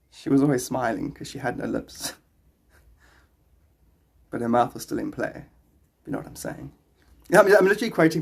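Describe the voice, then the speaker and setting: A man's voice: mid-range voice, gravelly, darkish tone, breathy edge. A man streaming from his phone, chatting casually and answering viewer questions, laughing often and rambling playfully. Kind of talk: casual livestream chat.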